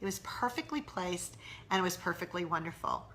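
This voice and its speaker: A woman's voice: lowish voice, expressive, brisk, fairly bright tone, slight background noise. A middle-aged woman hosting a casual live stream, candidly answering viewers' questions and chatting with their comments. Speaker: host of a live mom-mentoring broadcast. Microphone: live-stream webcam or phone.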